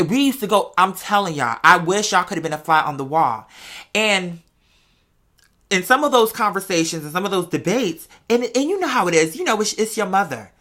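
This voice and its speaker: Bright-voiced man telling a personal story. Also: high voice. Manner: expressive and chatty, addresses listeners as y'all and girl. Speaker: podcast host. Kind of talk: casual personal storytelling to listeners.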